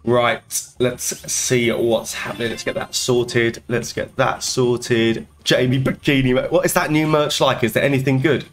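A man hosting a live slots stream, chatting casually and greeting viewers by name in quick, upbeat bursts. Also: medium pitch, flat delivery, faint music behind. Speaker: slot streamer host.

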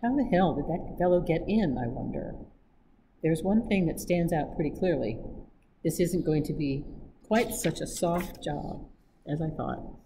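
A woman's voice: low voice, expressive, a little slow, background noise. A woman reading a flippant, mocking Englishman. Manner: flippant, teasing. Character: breezy, mocking young Englishman adventurer.

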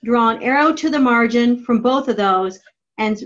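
A woman writing teacher giving a classroom grammar lesson, dictating each step slowly and deliberately. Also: fairly high pitch, lo-fi sound. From United States. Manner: slow, deliberate dictation of steps.

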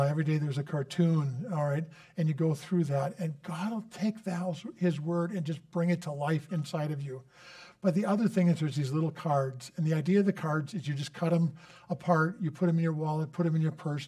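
A guest preacher with a fairly high male voice delivers an earnest sermon in a church. He tells stories warmly and with conviction, then rises into fervent prayer. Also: brisk.

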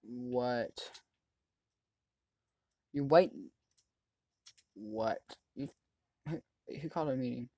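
Excitable gamer yelling at teammates. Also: medium pitch, drawn-out words, pauses often, no room sound. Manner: excitable, yells at other players; chatty running commentary on the game. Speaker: gaming channel host. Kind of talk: let's-play commentary.

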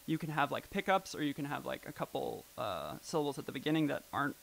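A man's voice: medium pitch, expressive, fast talker, creaky, a bit bright, a little hiss or hum, rough recording. A man presenting at a live event, talking casually and rambling with lots of "like" and "um" fillers. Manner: rambling, filler-heavy, with frequent "like" and "um".

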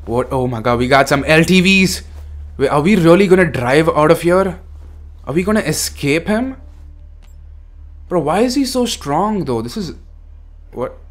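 A young adult man commentating a horror game, excitable and swearing, calling everyone "bro". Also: a little high, normal speed, pauses often. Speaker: gaming streamer.

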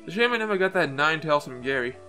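Casual sarcastic gamer man, bright and slightly high voice, faint game music behind. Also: lively intonation, very fast. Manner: casual, sarcastic, crude jokes. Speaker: gameplay commentator. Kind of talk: let's play commentary.

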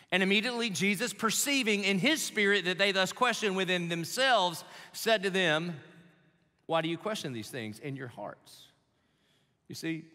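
A man preaching a live sermon, with a bright, forceful voice that sits a little high for a man. He moves between low, chatty asides and loud, punchy declarations. The sound carries a long reverb from a large church hall. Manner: conversational preaching with dramatic swings from low asides to loud emphatic bursts. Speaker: pastor.

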